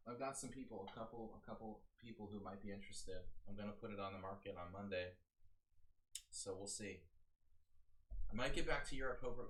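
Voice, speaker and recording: A man's voice: lowish voice, fairly bright tone, rough recording. A man coaching chess on a live stream, chatty and joking as he thinks aloud through the moves. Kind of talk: live-stream game analysis.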